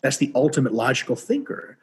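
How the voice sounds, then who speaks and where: A man talking as a guest on a podcast in casual conversation, profane and animated, often acting out little dialogues. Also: medium pitch, husky. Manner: profane, animated, acts out dialogue in quick voices.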